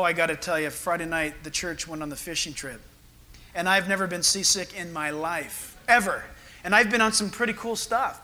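A man's voice: sits high, sharp tone. A man, a pastor preaching a sermon, telling stories with acted-out voices and laughter.

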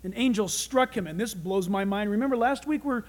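A man preaching a sermon as a pastor, in an animated, dramatic way. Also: sits high, fairly quick.

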